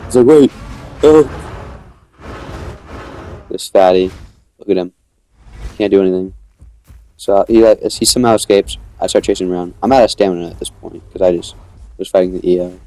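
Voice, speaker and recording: A man's voice: low-pitched, little pitch movement, fairly quick, mellow, dry recording. A young man casually narrating his own dinosaur gameplay, rambling as he tells the story and acting out quoted lines.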